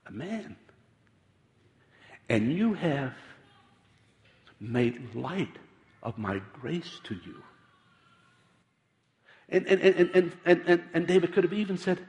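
A man preaching a sermon in an animated, emphatic way, with many repeated restarts. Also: mid-range voice, slow, long pauses. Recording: long reverb of a large hall.

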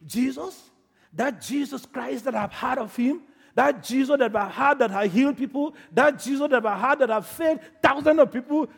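A man's voice: a little high, slow pace, pauses often, slightly rough, in a large hall, full character voice. A preacher voicing a blind male beggar, pleading and desperate. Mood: eager. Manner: pleading, rising excitement.

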